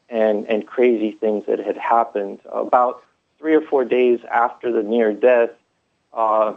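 Gravelly man telling his story over a phone line. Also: medium pitch. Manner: rambling, many fillers and restarts. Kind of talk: first-person storytelling.

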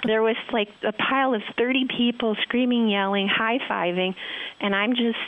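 A woman's voice: on the high side, fairly even intonation, moderate pace, no room sound, phone-quality sound. A woman fly fishing guide telling a heartfelt story in conversation, rambling and emotional with many fillers.

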